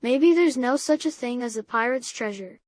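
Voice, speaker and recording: A woman's voice: fairly high pitch, moderate pace, a little mellow, natural voice. A woman reading the part of a skeptical girl who reasons through doubts. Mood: doubtful. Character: skeptical, thoughtful girl Emmy.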